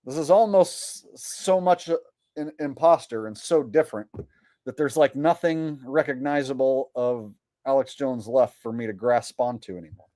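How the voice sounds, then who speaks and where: A man's voice: medium pitch, moderate pace, dark tone, no room sound. A man hosting a commentary vlog, talking in a profane, incredulous and mocking way. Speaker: host.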